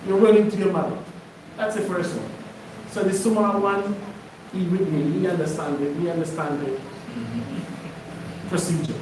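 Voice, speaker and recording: Preacher in an echoey room. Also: male voice, high-pitched, steady tone, normal speed, long pauses, far from the mic, noisy background. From Jamaica. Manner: casual storytelling preaching. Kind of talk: sermon teaching.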